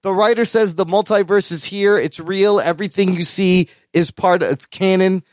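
A man with a high voice co-hosts a podcast and talks excitedly about upcoming shows. He swears casually and keeps the chat moving. The sound is dry and close. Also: moderate pace, no echo. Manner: energetic, enthusiastic, swears. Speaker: podcast co-host.

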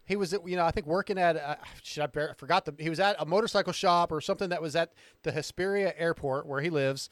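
A man hosting a casual podcast, excitable and rambling, who swears freely. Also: fairly high pitch, quick pace, few pauses, dry recording. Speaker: podcast host.

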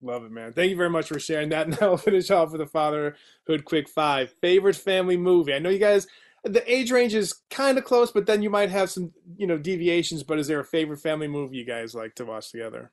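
A man's voice: fairly high pitch, fast talker. A man hosting a casual podcast interview, affirming the guest and laughing along. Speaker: podcast host.

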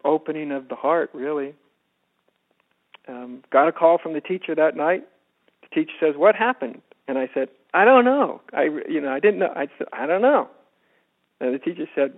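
Soft-spoken man on a phone-like line. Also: medium pitch. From United States. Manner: soft-spoken, halting with many restarts. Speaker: spiritual teacher. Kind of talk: reflective storytelling in interview. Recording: phone-like narrow band.

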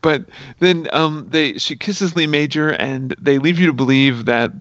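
A man retelling a movie plot in casual chat, animated and full of fillers. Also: on the high side, unhurried, dry recording, muffled recording. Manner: animated storyteller, many fillers.

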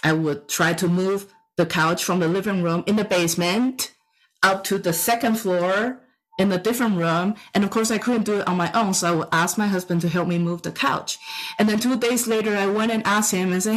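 A middle-aged woman telling a personal story in a talk, animated and acting out the dialogue. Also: moderate pace, rough recording. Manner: animated, acts out dialogue in higher voices.

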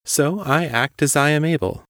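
A man voicing a cultured male crime boss on the phone, calm and carefully controlled. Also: a little high, moderate pace, no room sound, clean studio sound, pitched above the performer's own voice, natural voice. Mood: coolly controlled.

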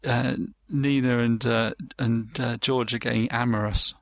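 A man with a gravelly, creaky voice chats casually, rambling through fillers and false starts as he acts out bits of dialogue. His voice sits at a middling pitch and sounds close and dry, with no room around it. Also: little pitch movement, a little slow, fairly bright tone, no room sound. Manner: rambling, many fillers and restarts, acts out quotes. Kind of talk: casual chat.

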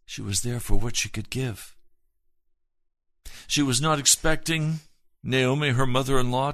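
Gravelly-voiced man preaching earnestly. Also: mid-range voice, no room sound. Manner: earnest, swings between hushed and emphatic. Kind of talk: sermon.

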